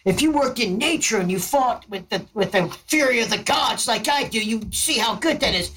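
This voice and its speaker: A man's voice: high voice, lively intonation, moderate pace, a bit bright. A man doing a brash, foul-mouthed halfling. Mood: blustering. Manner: blustering, swearing, brash. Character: crude, boastful male halfling musician.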